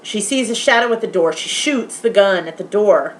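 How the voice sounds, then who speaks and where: A woman in a casual vlog, retelling a horror film's ending in animated detail, swearing often and now and then softly talking aside to her pet. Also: medium pitch, moderate pace. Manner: animated, swearing, retelling scenes with quoted voices. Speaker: vlogger. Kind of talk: casual movie review vlog.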